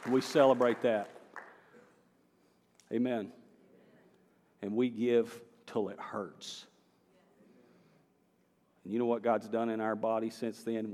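Preaching from the pulpit in a church sanctuary, this Southern American pastor is folksy and conversational, breaking into emphatic bursts. His voice is on the low side and a little mellow, with little pitch movement, an unhurried pace and long pauses. The hall is reverberant, and a guitar plays faintly.

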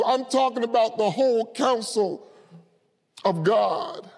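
A man preaching a sermon with passion, rising to shouts at the high points. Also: slow, creaky. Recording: long hall reverb.

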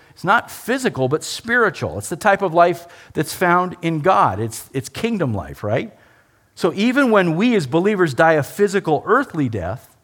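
A man preaching a sermon with a lively, swinging delivery. His voice sits a bit high and moves up and down a lot as he drives home each point. He keeps throwing rhetorical questions at his listeners. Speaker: pastor.

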